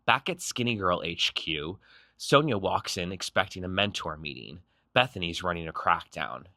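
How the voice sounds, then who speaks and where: A man's voice: low voice, animated, pushed and bright, no echo. A man narrating a reality show recap in a snarky, punchy scripted style. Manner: snarky, punchy, quick quips.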